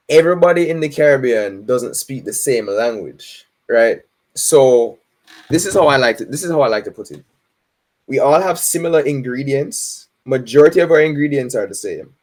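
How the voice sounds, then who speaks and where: A Jamaican man appears as a guest in a casual interview, explaining things in a relaxed way. He laughs often, tags on "right?" questions, and speaks in a mid-range voice.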